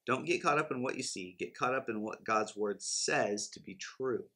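Male teacher, 30s, mid-pitched, emphatic motivational preaching, acts out prayers. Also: moderate pace, bright, forceful tone. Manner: earnest, emphatic, acts out inner prayers and reactions. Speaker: Christian finance teacher.

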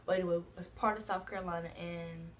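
A vlogger from New Jersey talks fast in a fairly low, steady voice. On her own channel she tells a casual storytime, rambling and peppering it with asides like "you know what I'm saying".

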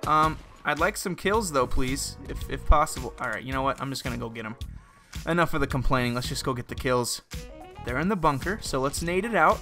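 A young man giving excitable, exclaiming, self-mocking commentary while he plays a shooter game. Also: mid-range voice, a little fast, faint music behind. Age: young adult. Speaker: gaming video host. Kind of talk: live gameplay commentary.

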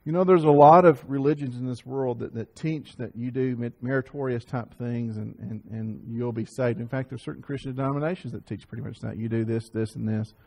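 Man, preacher, sermon, repeated restarts, emphatic loud peaks. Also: mid-range voice, fairly even intonation, fairly quick, creaky, few pauses. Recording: sermon audio over slides.

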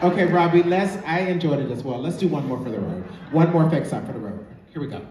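A man's voice: a little high, lively intonation, fast talker. A man hosting a live drag show, teasing an audience member on stage with a sassy, laughing delivery. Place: large theater stage. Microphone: filmed from the audience on a phone. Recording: echoey theater recorded from far off with crowd noise.

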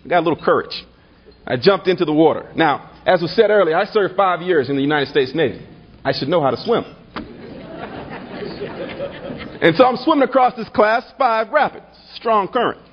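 A man speaks at a party dinner in a banquet hall. His voice is high and a little husky, and he builds his speech into rousing repeated refrains. The recording is dull and lo-fi. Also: expressive, normal speed, pauses often, some chatter behind. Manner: builds to rhetorical refrains, tells a humorous anecdote. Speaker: political speaker.

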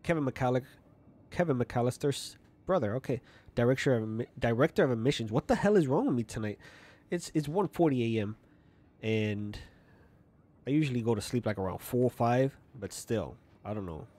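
A gaming YouTuber chats casually through a let's-play in a small apartment at night, often tripping over text as he reads it aloud. His medium-pitched voice is warm and expressive at normal speed.

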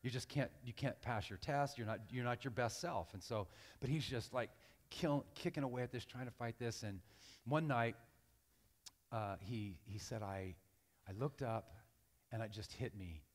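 A man's voice: medium pitch, moderate pace. A middle-aged man preaching as a guest pastor, telling a personal story in a conversational way with frequent restarts, then building in force. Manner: conversational storytelling, many restarts, rising louder when preaching. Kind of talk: sermon. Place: church sanctuary. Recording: reverberant hall.

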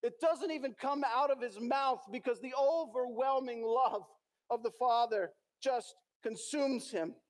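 A man's voice: very high-pitched, a little slow. A male pastor preaching a sermon in a church, telling a story dramatically and acting out the characters' lines.

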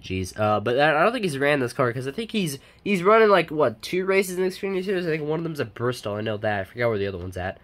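A man's voice: a little high, lively intonation, fast, few pauses, fairly bright tone. A man chatting casually as he unboxes die-cast cars, rambling with lots of fillers and self-corrections. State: sniffly. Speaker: die-cast collector and YouTuber.

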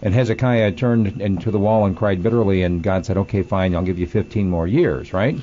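A man's voice: low-pitched, fairly even intonation, brisk, warm tone, highs cut off, a little hiss or hum. A man hosting a talk radio show, taking callers and asking wry, probing questions. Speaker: radio host.

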